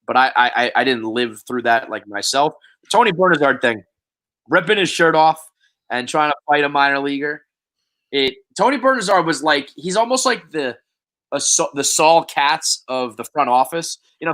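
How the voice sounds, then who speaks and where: A young man co-hosting a sports podcast in a loose, rambling manner. He restarts his sentences often and swears casually. His voice sits at an everyday pitch. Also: a bit bright. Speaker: podcast co-host.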